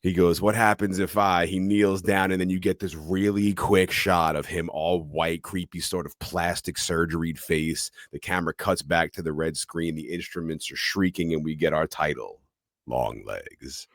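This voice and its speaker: A man's voice: low-pitched, fairly even intonation, normal speed, dry recording, clean studio sound. A man co-hosting a podcast, recapping a movie scene by scene in a blow-by-blow narration. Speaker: podcast co-host.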